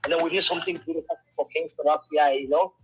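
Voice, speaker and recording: A man, a reggae artist, talking about his music in a radio interview, animated and storytelling. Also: a little high, quick pace, very noisy. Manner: animated storytelling, mimics others' voices.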